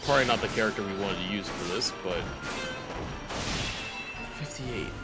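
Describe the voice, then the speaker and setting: A man streaming a video game, chatting casually and reacting excitably, swearing when surprised. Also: on the low side, moderate pace, loud music behind the voice. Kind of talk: casual gameplay commentary.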